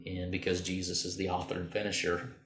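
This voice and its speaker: Deep-voiced earnest man, casual chat. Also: brisk, echoey room. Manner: earnest, animated when quoting, with repeated restarts. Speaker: podcast co-host.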